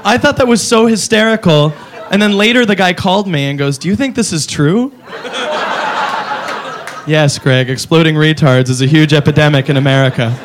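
A man doing a stand-up comedy set on a club stage, profane and incredulous, with quick asides to the audience. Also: on the high side. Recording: live club recording with audience noise. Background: audience laughter.

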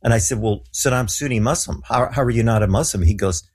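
Husky man telling a lively story. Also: medium pitch, fast talker. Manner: animated storyteller acting out quoted voices. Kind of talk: casual storytelling interview.

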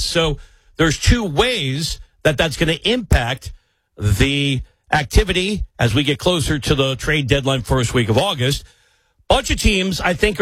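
A man's voice: fairly high pitch, fairly bright tone, breathy edge, no echo, rough recording. A man filling in as a sports talk host, delivering an opinionated monologue with emphatic rants and rhetorical questions. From New York area.

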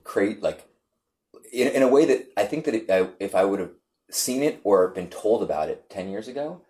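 A man telling a story in a casual group conversation, halting and repeating words, animated when he quotes others. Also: lowish voice.

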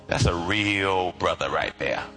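A man's voice: low voice, a little slow, pushed and bright, faint music behind. A middle-aged man preaching a sermon in a conversational, playful way, asking the congregation to repeat after him. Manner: conversational, playful, calls for responses. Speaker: pastor.

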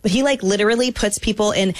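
A woman's voice: medium pitch, fast talker, no room sound. A woman in her thirties, a TV host chatting casually, gushing and peppering her talk with "like". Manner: bubbly, gushing, lots of "like". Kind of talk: casual chat.

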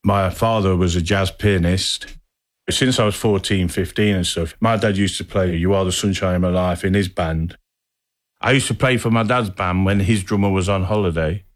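A man with a rambling, animated storytelling manner, acting out what people said. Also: deep voice, moderate pace. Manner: rambling, animated anecdotes with acted-out quotes. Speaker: interviewee. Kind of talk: casual storytelling.

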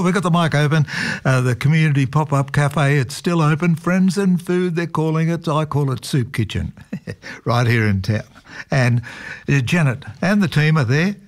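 A man's voice: fairly high pitch, lively intonation, moderate pace. A man hosting local radio, chatting casually and telling jokes. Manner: chatty, joking, laughs often. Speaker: radio host.

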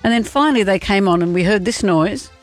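A woman's voice: mid-range voice, animated, a little fast, soft background music. Chatty radio co-host woman. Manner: chatty, teasing. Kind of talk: radio banter, quiz hosting.

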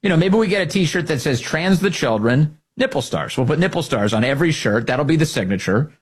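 A middle-aged man hosting a talk radio show, delivering mocking, sarcastic political commentary in an animated way. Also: fairly high pitch, fast, husky.

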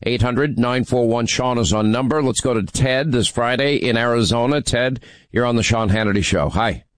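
A man's voice: mid-range voice, normal speed, no room sound. A middle-aged man hosting a talk radio call-in show, speaking in an emphatic, teasing, rallying way. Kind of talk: talk radio, taking calls.

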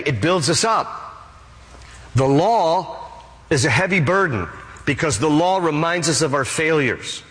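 A male pastor preaching a sermon, emphatic, with repeated phrases rising to sharp peaks. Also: on the high side. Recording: long reverb of a large hall.

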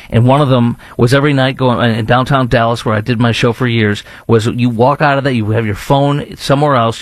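A man's voice: mid-range voice, no room sound. Emphatic male talk radio host. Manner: emphatic, rambling, with mocking put-on voices. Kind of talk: opinionated talk radio monologue.

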